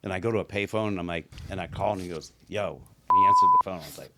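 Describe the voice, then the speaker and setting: Male podcast co-host, low lively voice, wandering profane story. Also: rapid-fire, a little hiss or hum. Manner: meandering, profane, expressive storyteller. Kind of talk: casual storytelling.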